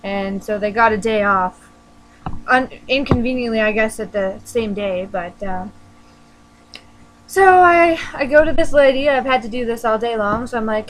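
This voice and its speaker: A woman's voice: a little high, animated, a little slow, a bit bright, rough recording. A teenage girl telling a story casually to her viewers, chatty and self-deprecating with lots of fillers. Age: teens. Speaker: vlogger.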